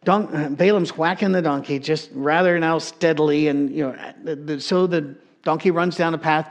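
A male preacher tells a story with relaxed, conversational humor. His voice sits fairly high for a man. He moves easily between explaining and joking. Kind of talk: sermon.

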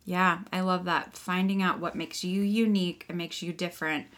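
A woman's voice: lowish voice, fairly even intonation, moderate pace, fairly bright tone. A woman hosting a podcast in a casual chat, laughing often and swearing freely. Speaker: podcast host. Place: child's bedroom, seated on floor.

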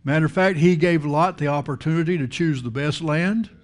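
A male preacher with a fairly high voice gives a conversational sermon, full of repetition and rhetorical questions, at a slightly fast pace.

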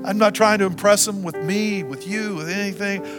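A man preaching a sermon as pastor, repeating phrases and swinging from loud to soft. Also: high-pitched, moderate pace. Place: church sanctuary. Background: guitar music.

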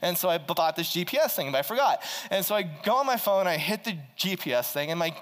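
A man preaching a sermon as a pastor, telling a personal story in an animated way, with frequent restarts and stammers. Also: sits high, fast, in a large hall. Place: church.

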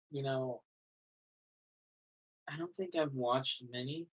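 A man's voice: mid-range voice, slow, long pauses, rough recording. A man co-hosting a film podcast in casual chat, teasing and giggly, often restarting his sentences. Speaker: podcast co-host.

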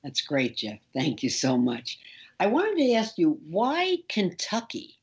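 A woman host who speaks very slowly, pausing with frequent ums and restarts as she puts questions to her guest. Her voice is husky, and the recording sounds dull and lo-fi. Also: on the low side, wildly swooping pitch. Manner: slow, hesitant, many fillers. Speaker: interview host. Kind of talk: interview.

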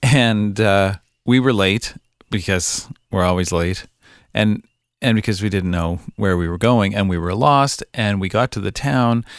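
A middle-aged man with a Canadian accent, hosting a casual podcast interview in a relaxed, chatty way. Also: fairly low pitch, no echo, clean studio sound. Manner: relaxed, chatty, with frequent ums and laughs. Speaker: podcast host.

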